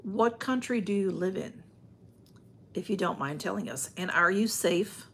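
A woman's voice: mid-range voice, unhurried, creaky, a bit bright, husky. A woman chatting on a livestream from home, rambling and greeting viewers by name as she reads their comments. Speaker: livestream host. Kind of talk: casual livestream chat.

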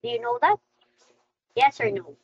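A woman's voice: very high voice, animated, moderate pace, vocal fry, dry recording, highs cut off. A woman teaching an online English lesson to a young child, coaxing and sing-song, heard over a video call.

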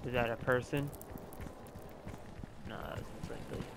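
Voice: mid-range voice, steady tone, normal speed, background noise. A gamer giving playful gameplay commentary, humming, swearing and reacting to the match. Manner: playful, swears and hums to himself. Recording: loud game gunfire behind.

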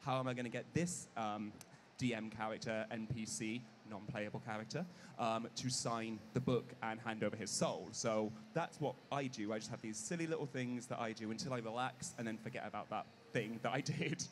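A man on a live convention panel, speaking relaxed and anecdotal with occasional ums. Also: lowish voice, normal speed, a little hiss or hum. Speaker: panelist and player. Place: on stage at a comic convention panel.

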